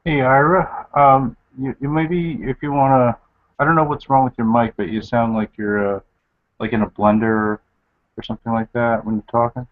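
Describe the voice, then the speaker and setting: A man's voice: mid-range voice, flat delivery, moderate pace. A man in a casual group video chat, easygoing and joking in slang. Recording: lo-fi online call audio.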